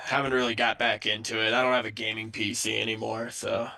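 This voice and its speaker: A man's voice: on the low side, level tone, brisk, creaky, sharp tone. A young man, a student, chatting briefly and in a laid-back way. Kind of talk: casual chat.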